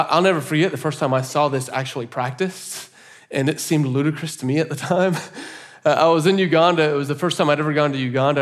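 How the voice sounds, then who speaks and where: A pastor preaching a sermon, telling a story in an animated way and laughing often. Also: male voice, on the high side.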